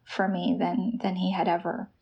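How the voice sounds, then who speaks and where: A woman telling her personal recovery story as a podcast guest, emotional and halting, with restarts. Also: lowish voice, completely flat delivery, vocal fry, highs cut off.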